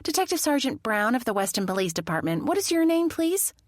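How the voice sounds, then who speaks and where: A woman's voice: fairly high pitch, very animated, brisk, dry recording, studio quality, pitched above the performer's own voice. A woman voicing a stern woman police detective who speaks firmly and commandingly, in an audiobook. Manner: firm, commanding.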